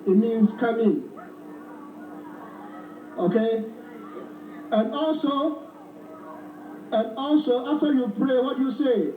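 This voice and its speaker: A high-pitched man with a Ghanaian accent speaks slowly and deliberately, preaching to a rally crowd and drawing responses from them. He is heard from far off, with a roomy echo, on a tinny, phone-like recording with faint background noise. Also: steady tone. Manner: slow, preaching, repeats phrases and leads the crowd. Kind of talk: rally speech with call and response. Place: outdoor rally.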